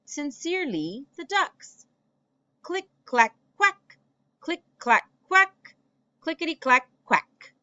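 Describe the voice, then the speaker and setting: Cheeky, demanding pond ducks, as a woman puts them on, pitched high and squeaky with loud quacks. The voice is bright and clear, with wide pitch swings. The sound is dry and a little dull. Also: very animated, takes it slowly, dry recording, heavily acted. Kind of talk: read-aloud storybook voice.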